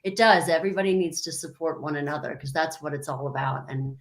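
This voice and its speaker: A woman's voice: low voice, fast talker, low-quality recording. Bubbly talkative woman. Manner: bubbly, talkative, acts out stories in voices. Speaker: country singer, interview guest. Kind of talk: casual chat.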